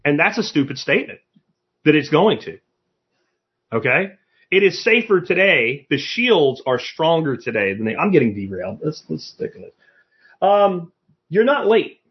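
A man hosting a live stream, talking with a lively, swooping delivery and a slightly husky voice. He is blunt and profane as he rants back at chat comments. The audio is dull and lo-fi. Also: fairly high pitch, normal speed. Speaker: podcast host.

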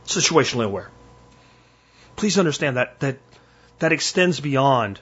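Blunt husky older man, lively pitch. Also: moderate pace, pauses often, muffled recording. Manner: blunt, emphatic, warning tone. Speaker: podcast host. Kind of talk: solo podcast monologue.

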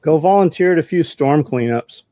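A man with a slightly higher voice gives practical advice in casual conversation. The sound is dry and close, with a little dullness. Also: normal speed, dry recording, highs cut off. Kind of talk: casual chat.

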